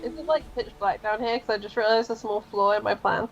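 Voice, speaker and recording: A woman's voice: medium pitch, a little fast, dull audio, a little hiss or hum. A woman playing a tabletop game, chatting casually and laughing with friends. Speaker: player. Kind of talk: casual chat at a gaming table.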